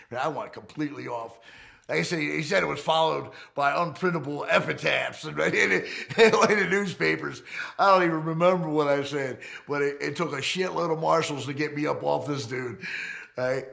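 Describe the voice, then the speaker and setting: A man's voice: moderate pace, vocal fry. A middle-aged man in a documentary interview, telling his own story bluntly, full of profanity, and acting out heated confrontations. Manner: profane, blunt, re-enacts heated confrontations with swings in pitch and loudness. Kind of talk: unfiltered storytelling in a fireside chat.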